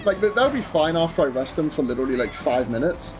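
A young man commentating his own live game stream, excitable, swearing and chatting to viewers over game music. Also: a little high, fast.

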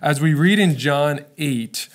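A man's voice: on the high side, slow. A male pastor giving a conversational sermon in a casual, relatable way, often checking in with his listeners.

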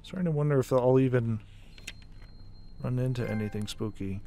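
A man's voice: mid-range voice, moderate pace, long pauses, warm tone, no room sound. A man streaming a horror game, chatting casually and swearing freely as he reacts with startled exclamations. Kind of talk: casual live-stream commentary while playing a horror game.

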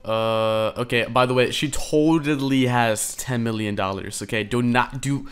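Young man, smooth voice, rambling sarcastic reaction commentary, soft background music. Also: medium pitch, steady tone, a little slow. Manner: sarcastic, rambling, swears a lot. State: out of breath. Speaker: streamer reacting to clips. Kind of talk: crude casual reaction commentary. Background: faint background music.

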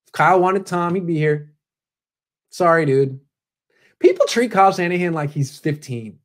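A man talking sports in a casual, blunt way, his pitch rising and falling a lot as he talks. He answers questions plainly and mocks people with a joking edge. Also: animated, moderate pace, long pauses. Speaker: sports commentator. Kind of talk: casual sports talk show.

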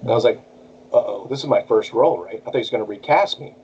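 A man's voice: mid-range voice, fast talker, husky, lo-fi sound. A man who voices cartoons, chatting casually as an interview guest and jumping between bits of character voices. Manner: animated, jumps into character voices. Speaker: voice actor guest.

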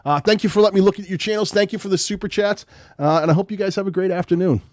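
A man's voice: high voice, rapid-fire, a little mellow, dry recording, studio quality. A man hosting a live stream, giving blunt, direct advice with lots of "um"s while losing his voice from illness. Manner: direct, blunt coaching with many "um"s. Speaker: live stream host reviewing viewers' channels. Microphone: streaming setup mic.

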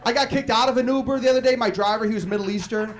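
A young man doing a stand-up comedy set on a club stage, brash and quick with punchlines and crowd banter. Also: extremely high pitch.

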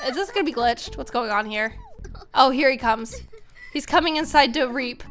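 A woman's voice: high voice, normal speed, a bit bright, faint music behind. A woman hosting a gaming channel, chatting to viewers in let's-play commentary.

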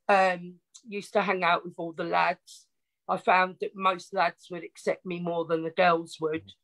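A woman's voice: lowish voice, fairly bright tone, rough recording. A woman with an Essex accent, telling her life story as a podcast guest in a chatty, frank, self-mocking way. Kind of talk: casual storytelling interview.

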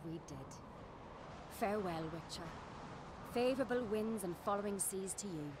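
A woman voicing a calm, caring woman. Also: mid-range voice, normal speed, close to an everyday voice. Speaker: game character. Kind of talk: video game voice acting. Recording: noisy game audio.

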